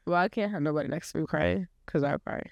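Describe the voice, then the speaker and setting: A woman's voice: deep voice, quick pace, gravelly, a little mellow, no echo, muffled recording. A young woman in her late teens co-hosting a casual podcast, teasing and giggly. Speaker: podcast co-host. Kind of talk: casual chat.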